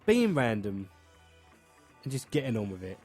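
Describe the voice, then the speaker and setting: A man's voice: lowish voice, sing-song, normal speed, darkish tone, faint music behind. A young man hosting a podcast, chatting in a rambling, jokey way and slipping into silly greeting voices. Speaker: podcast host. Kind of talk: casual chat.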